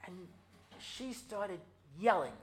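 With a high, animated voice, this American rabbi takes his time lecturing an audience. He shares funny personal stories in a loose, chatty style full of asides, fillers, and jokes, slipping into Hebrew phrases as he acts out scenes.

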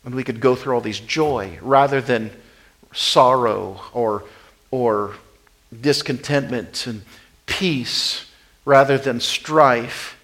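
Male pastor, sermon delivery, mid-range voice, emphatic repetition, dynamic swings between loud and quiet. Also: medium pitch, slow pace, rough recording. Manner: repeats key phrases for emphasis.

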